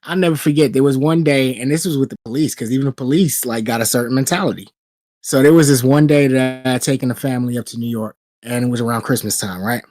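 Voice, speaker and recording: A man's voice: mid-range voice, quick pace, no echo. Profane storytelling man, dry close mic. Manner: profane storyteller, animated retelling. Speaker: podcast co-host. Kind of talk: casual chat.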